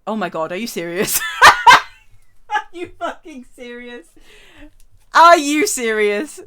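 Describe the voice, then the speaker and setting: Animated, high-voiced woman streamer. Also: takes it slowly. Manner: swears freely, laughs often. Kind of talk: live gameplay commentary.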